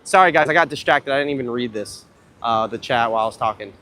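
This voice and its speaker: A young man livestreaming a casual vlog outdoors at a beach, talking into a handheld phone while walking, telling rambling stories in a profane, excitable way. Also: mid-range voice, quick pace. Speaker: dating coach livestreamer.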